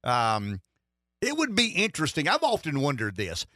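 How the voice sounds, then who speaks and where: A man's voice: on the high side, wildly swooping pitch, moderate pace, pushed and bright, dry recording, studio quality. A middle-aged man hosting a political talk radio show, rambling and wry, with lots of restarts. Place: radio studio.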